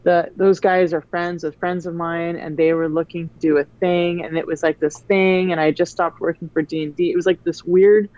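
A woman with a low voice chats casually, rambling through stories with plenty of "like" and restarts. Her audio sounds a little dull and lo-fi, like a call recording. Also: moderate pace, hardly any pauses. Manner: rambling, animated storyteller. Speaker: guest. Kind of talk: casual chat.

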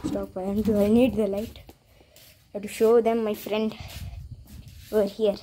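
A woman's voice: mid-range voice, flat delivery, measured pace, dark tone, slight background noise. A woman vlogger, chatting casually to viewers and to her animals at home. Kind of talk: casual vlog narration.

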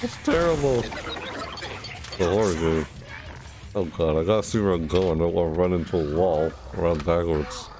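Deep-voiced man yelping through gameplay. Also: moderate pace, long pauses, background noise. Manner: excitable, yelps and self-talk. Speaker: game streamer. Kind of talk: casual gameplay commentary.

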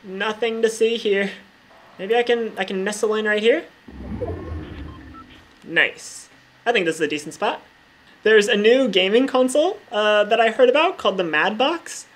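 A woman's voice: medium pitch, normal speed, pauses often, slight background noise. A woman talking casually over her own gameplay as a vlogger, full of "like" fillers and freely swearing. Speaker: gaming vlogger.

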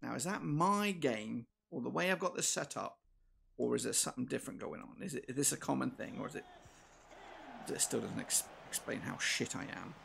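A man with a very gravelly, creaky voice that leaps all over the place, commentating his football game as he plays. He drops to low mutters, then bursts into loud, sweary shouts. There is a faint hiss behind him. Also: lively intonation, a little fast. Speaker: gaming channel host. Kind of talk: live gameplay commentary.

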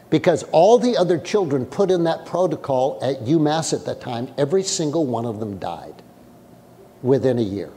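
A man preaching a sermon as pastor, animated, often acting out the voices of frightened people. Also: on the high side, slightly rough, long reverb tail. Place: church sanctuary.

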